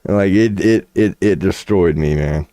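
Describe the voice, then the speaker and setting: This streamer, who does tarot readings, has a deep, dark voice and speaks at a moderate pace, recorded dry. Having no teeth, he lisps a little whenever his mouth dries out. On a casual livestream he rambles, swears at his chat, and laughs at his own jokes in a loose, profane way.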